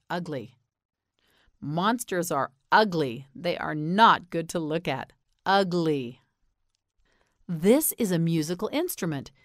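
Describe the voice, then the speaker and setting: Brief: American woman, pronunciation teacher, very slow and deliberate, dry close sound. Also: lowish voice, dry recording. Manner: slow, carefully enunciated, patient prompting. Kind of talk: slow repeat-after-me pronunciation drill.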